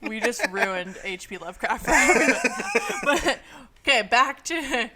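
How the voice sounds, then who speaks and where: A young woman co-hosting a podcast in casual chat, chatty and quick to laugh. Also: fairly high pitch, expressive, over a noisy crowd. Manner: chatty, laughs often, says "like" a lot. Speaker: podcast co-host.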